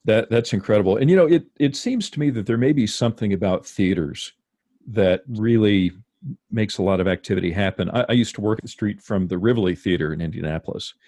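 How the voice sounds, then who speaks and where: A man's voice: on the low side, fast, dark tone, no room sound, clean studio sound. A man hosting an interview, reacting to the stories and asking follow-up questions in casual chat. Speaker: interview host.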